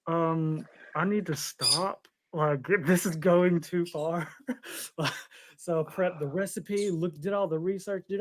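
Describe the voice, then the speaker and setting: A man's voice: fairly high pitch, background noise. A man co-hosting a podcast, telling a long story with frequent laughs. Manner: rambling storyteller, laughs often. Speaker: podcast co-host. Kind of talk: casual chat.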